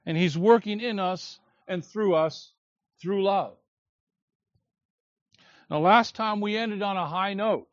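Man preaching, high voice, slow emphatic delivery, dry close sound, slightly dull lo-fi recording. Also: no echo. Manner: slow, emphatic preaching with drawn-out key words. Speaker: pastor. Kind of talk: expository sermon.

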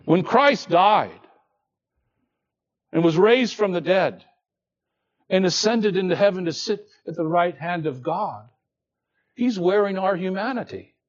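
A man preaching an expository sermon, slow and deliberate, dropping to hushed low tones and then rising to emphatic lines. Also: animated, dull audio.

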